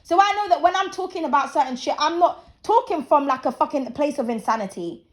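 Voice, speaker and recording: This channel host, a woman in her 30s, sounds high and animated, talking a little fast. Her to-camera rant is a casual, preachy take on her opinions, delivered bluntly and with swearing.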